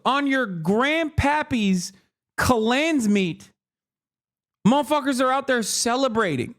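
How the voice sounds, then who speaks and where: A man live streaming, reacting to the news in an animated, profane, sarcastic rant with mocking impressions. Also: extremely high pitch, slow pace. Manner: mocking impressions of other people.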